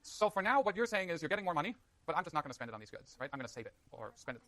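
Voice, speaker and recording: A man lecturing a university class, quick and lively, joking with students as he works through a diagram. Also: fairly high pitch, dry recording. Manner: fast, animated, jokey asides to students.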